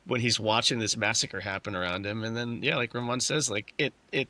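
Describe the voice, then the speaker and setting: A man's voice: on the low side, a little fast, bright, forceful tone, dry recording. A man, a guest on a podcast, talking casually with many restarts. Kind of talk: casual chat.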